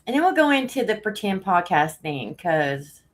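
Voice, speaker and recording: A woman's voice: mid-range voice, sing-song, moderate pace. A woman hosting a casual live stream, out of breath, rambling and laughing often as she greets viewers.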